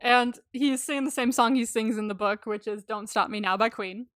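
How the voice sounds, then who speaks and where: A woman's voice: fairly high pitch, normal speed, a bit bright, no room sound, clean studio sound. A woman co-hosting a podcast, chatting and rambling as she recaps a film. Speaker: podcast co-host. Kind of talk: casual chat recapping a film.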